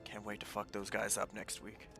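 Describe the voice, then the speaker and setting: Low, bright-toned cursing male player. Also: completely flat delivery, normal speed, vocal fry, soft background music. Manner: casual, swearing freely. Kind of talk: live-streamed tabletop role-play.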